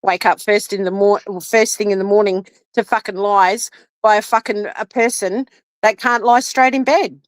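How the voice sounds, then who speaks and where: A woman's voice: mid-range voice, steady tone, moderate pace, dry recording. A woman, furious and swearing nonstop in a livestream rant, shaking with anger. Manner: furious, swearing constantly, repeating demands. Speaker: live streamer.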